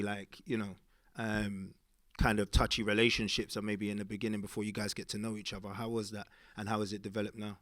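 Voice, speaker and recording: A man with a fairly low voice interviews a guest onstage, asking measured, gently probing questions. The sound is close and dry. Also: no echo. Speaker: interviewer, drama school head.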